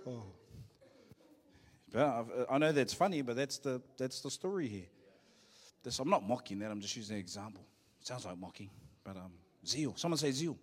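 A middle-aged man with a New Zealand accent preaching a sermon in a church, joking and calling out to the congregation. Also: fairly high pitch. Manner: joking, playful preaching with call-and-response. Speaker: pastor.

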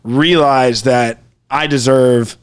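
A man's voice: medium pitch, steady tone, slow, clean tone. A man co-hosting a podcast, telling a personal story in a rambling, casual way full of "like" and "dude", turning earnest and reflective. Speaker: podcast co-host.

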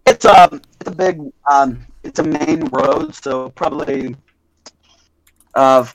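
Young male game master, slightly higher pitch, halting narration full of fillers. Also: sing-song, gravelly, poor audio. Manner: halting, many ums and self-corrections.

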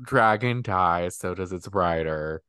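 A man's voice: deep voice, takes it slowly, pushed and bright, clear, resonant tone, dry recording, clean studio sound. A man co-hosting a casual book podcast, chiming in with short remarks. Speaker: podcast co-host.

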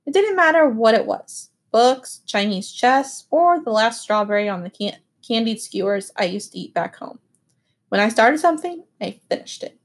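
Expressive woman narrating an audiobook. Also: on the high side, moderate pace. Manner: expressive, animated storytelling. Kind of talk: scripted first-person audiobook narration.

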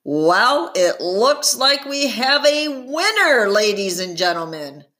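A woman voicing a male television quiz show host who announces in a grand, drawn-out style with dramatic pauses. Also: a little high, big pitch swings, bright, forceful tone, voice pushed up, heavily acted. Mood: announcing.

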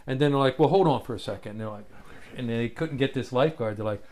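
A man telling an old story in casual chat, animated and acting out the voices of others, swearing freely. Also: medium pitch, quick pace.

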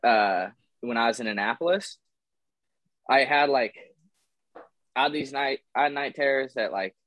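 A young man in his twenties telling stories in a casual podcast chat, swearing often and animated. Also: medium pitch, normal speed, no room sound, low-quality recording. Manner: swears a lot, animated storytelling. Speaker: podcast guest.

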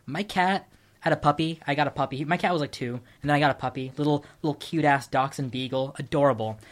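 A young man hosting a casual podcast, telling rambling stories with frequent laughter. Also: fairly high pitch. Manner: rambling, laughs often, quick storytelling bursts. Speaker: podcast host.

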